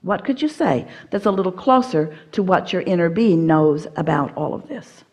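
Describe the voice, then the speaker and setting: A woman's voice: on the low side, animated, moderate pace, darkish tone. A woman teaching at a live seminar, speaking as "we" and coaching an audience member step by step in a firm, playful manner.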